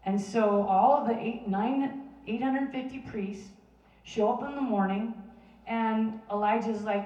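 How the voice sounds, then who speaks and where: A woman's voice: medium pitch, normal speed. Woman, casual sermon storytelling, chatty, echoey room, distant mic. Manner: chatty and animated, with many restarts and fillers. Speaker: Bible teacher. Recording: roomy sound from a distant mic.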